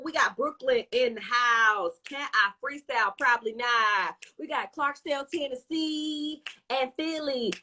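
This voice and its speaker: A woman hosting a live stream, her voice bright and ringing and pitched a little above the usual. She chats casually and playfully, hyping up her viewers with quick shout-outs. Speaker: show host.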